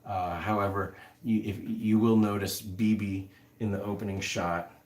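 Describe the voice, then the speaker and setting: A man's voice: lowish voice, fairly even intonation, normal speed, a little mellow. A man hosting a casual livestream, rambling with many fillers as he answers viewer comments. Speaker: livestream host.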